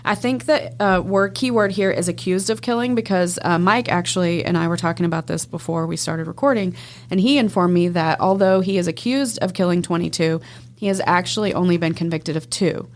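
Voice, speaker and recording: A woman's voice: lowish voice, brisk. A woman from Texas co-hosting a crime podcast, reading news items aloud and chatting about them. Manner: conversational, reads news items aloud and comments. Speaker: podcast co-host. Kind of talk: casual chat, reading news headlines.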